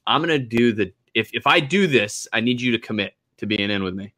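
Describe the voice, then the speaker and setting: A man's voice: mid-range voice, animated, a little fast, sharp tone. A man hosting a casual interview, talking in a laid-back way, laughing easily and letting sentences trail off. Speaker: host.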